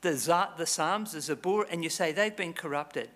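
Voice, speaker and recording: A man telling a parable in a lecture, acting out the characters' lines with sudden jumps in pitch. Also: normal speed. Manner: animated storyteller, voices characters with high pitch jumps. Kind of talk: storytelling lecture. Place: lecture hall.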